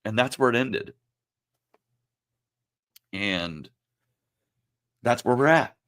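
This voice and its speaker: A man turning forty, hosting his own livestream and talking in a reflective, halting, emotional way, with many pauses and fillers. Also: mid-range voice, animated, fairly bright tone. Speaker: livestream host. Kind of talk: casual livestream talk.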